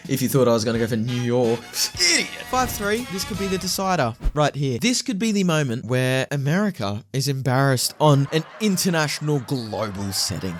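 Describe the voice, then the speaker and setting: A young man with a lively, swooping voice. He jokes, teases and boasts in a playful way while he reasons through quiz questions. Faint music plays behind him. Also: mid-range voice. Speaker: comedy video host. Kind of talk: comedic quiz vlog.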